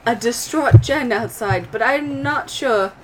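A woman leads a tabletop game as game master, her fairly high voice setting scenes in an easygoing way and often breaking into laughter. A faint hiss sits under the recording. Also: a little slow.

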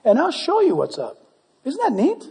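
Animated high-voiced preacher man in a hall. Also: normal speed, creaky. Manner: animated, playful, acts out prayers and dialogue. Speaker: pastor. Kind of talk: sermon. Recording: long hall reverb.

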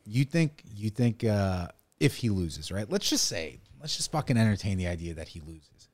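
A man's voice: fairly low pitch, big pitch swings, moderate pace, darkish tone. A young man co-hosting a podcast, talking in a casual, emphatic way, swearing often and saying "dude" and "right?" again and again. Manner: emphatic, profane, says "dude" and "right?" constantly. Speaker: podcast co-host. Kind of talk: casual chat.

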